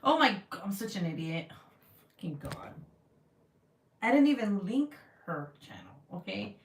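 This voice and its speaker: A middle-aged woman hosts a craft livestream, her medium-pitched, somewhat bright voice sounding roomy and recorded at a distance from the mic. She reads comments and chats casually, giggling, mocking herself, and swearing freely.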